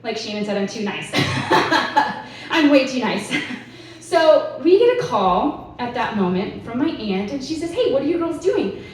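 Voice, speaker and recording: A woman's voice: on the high side, very animated, a little slow. A woman, telling a story as a conference speaker in a chatty way, with lots of "like". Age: 30s. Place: conference hall. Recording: echoey hall, voice from far off, faint hiss.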